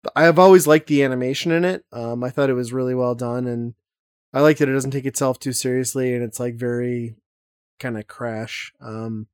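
A man's voice: mid-range voice, steady tone, a little fast, smooth, no room sound, studio quality. A man hosting a casual podcast chat, talking enthusiastically and rambling with lots of fillers. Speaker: podcast host.

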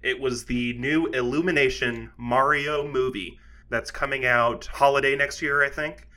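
A man's voice: medium pitch, steady tone, measured pace, sharp tone. A man hosting a podcast in casual chat, upbeat and laughing often. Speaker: podcast host.

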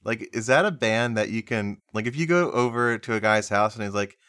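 A man's voice: fairly low pitch, animated, a little fast, a bit bright, clear, resonant tone, dry recording, studio quality. A man co-hosting a music podcast, chatting casually with a nasal voice, rambling and laughing easily. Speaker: podcast co-host.

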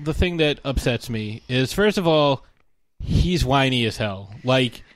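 A man's voice: medium pitch, lively intonation, measured pace, dry recording. A man co-hosting a podcast, ranting in a casual, irreverent and profane way. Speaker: podcast co-host.

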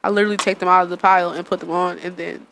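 A young woman rattles off stories at a brisk clip in loose, casual chat. She is blunt and profane, and she laughs often as she talks. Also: lowish voice, little pitch movement, vocal fry, a bit bright, slight background noise.

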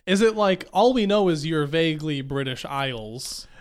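A man with a smooth, resonant voice that sits a little high. He co-hosts a casual podcast and muses aloud with curious, rambling asides. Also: animated, normal speed. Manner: curious, chatty, thinks aloud. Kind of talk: casual chat.

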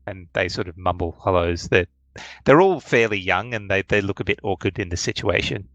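A man narrating as game master for a tabletop game, pausing often with ums and uhs. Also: deep voice, a bit bright, dry recording, lo-fi sound. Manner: hesitant, many ums and uhs.

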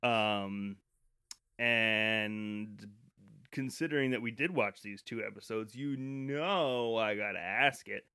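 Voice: medium pitch, takes it slowly, bright, forceful tone, clear, resonant tone, dry recording, clean studio sound. A podcast host chatting casually in an easygoing way and asking a co-host's opinion. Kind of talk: casual chat.

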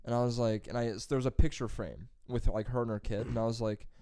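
Young man, casual storyteller, smooth clear voice, dry close sound, acts out quotes. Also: medium pitch, fast talker, no echo. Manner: animated storyteller, acts out quotes, laughs often, swears casually.

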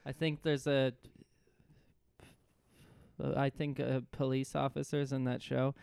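A young man co-hosting a podcast, trading dry, deadpan quips in casual TV recap chat. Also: medium pitch, a little slow, gravelly, clean tone, no echo. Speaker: podcast co-host.

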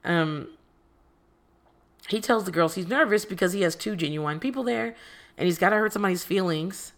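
A woman's voice: medium pitch, normal speed. A woman recapping a reality dating show in casual commentary, sarcastic and profane, with exasperated asides.

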